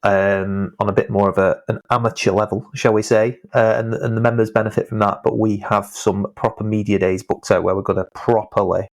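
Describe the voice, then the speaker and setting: A man's voice: on the low side, level tone, brisk, few pauses. A man hosting a podcast in casual chat, talking with enthusiasm and often repeating words as he speaks. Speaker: podcast host.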